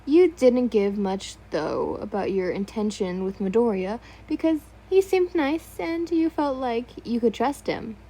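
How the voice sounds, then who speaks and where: A woman's voice: on the high side, animated, a little slow, few pauses, warm tone, husky, rough recording. A woman reading fan fiction aloud, stumbling over words now and then and remarking on typos. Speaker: story reader.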